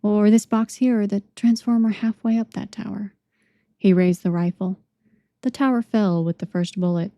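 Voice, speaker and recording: A woman reading an audiobook as narrator, measured and dramatic. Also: medium pitch, fairly even intonation, dark tone, no room sound.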